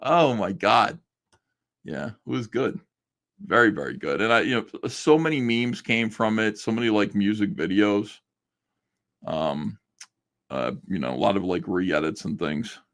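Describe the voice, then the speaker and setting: Lively low-voiced male streamer. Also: measured pace. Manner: chatty, laughs often, reacts to clips. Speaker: live stream host. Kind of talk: casual chat.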